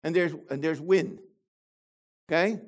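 An older man preaching a sermon to a congregation, animated and full of rhetorical questions. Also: on the high side, unhurried.

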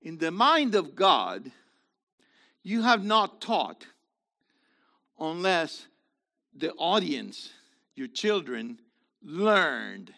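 An older man, a minister and teacher, gives a sermon-style teaching talk in a fairly high, very animated voice with vocal fry. He swings between loud, drawn-out emphasis and quick, quiet asides.

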